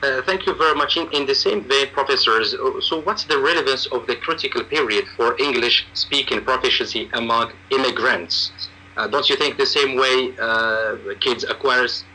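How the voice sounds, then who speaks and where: A man moderates a panel with a very bright, sharp tone and a middle pitch. He asks his questions hesitantly, filling the gaps with fillers. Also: moderate pace, poor audio. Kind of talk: moderating a discussion.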